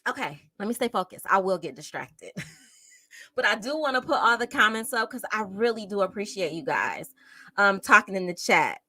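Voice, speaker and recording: A woman's voice: medium pitch, expressive, moderate pace, bright, forceful tone, low-quality recording. A woman, a teacher, hosting a casual true crime livestream, chatty and emotional, close to tears as she greets viewers in the chat.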